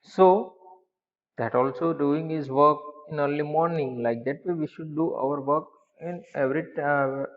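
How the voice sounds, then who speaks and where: Teacher explaining in an echoey room. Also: male voice, mid-range voice. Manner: asks the class questions and answers them himself. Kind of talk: explaining a school story to young pupils. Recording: echoey room, dull lo-fi sound.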